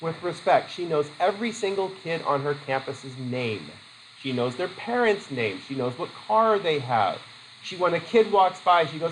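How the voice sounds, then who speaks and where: Man lecturing a class, lively. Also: fairly high pitch, normal speed, a little hiss or hum, low-quality recording. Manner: lively, acts out quoted voices, laughs easily. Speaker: teacher.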